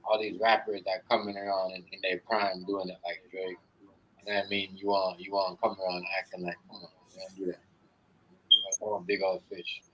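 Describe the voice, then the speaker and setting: Man telling a profane, animated story. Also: sits low, a little fast, a crowd in the background, low-quality recording. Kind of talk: casual chat.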